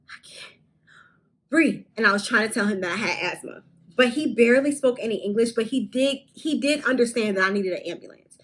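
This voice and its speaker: A young woman in her twenties, telling a storytime vlog in a candid, animated way with casual swearing. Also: mid-range voice, rough recording. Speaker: vlogger.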